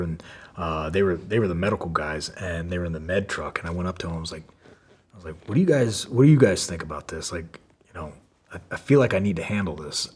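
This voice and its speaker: Husky low-voiced man telling a story. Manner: profane, lots of fillers, acts out quotes. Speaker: podcast guest. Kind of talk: casual storytelling.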